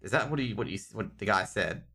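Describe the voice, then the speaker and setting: A man's voice: lowish voice, lively intonation, a little fast, bright, forceful tone. An Australian man casting a live esports match, rambling and joking with the chat between rounds. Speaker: esports caster.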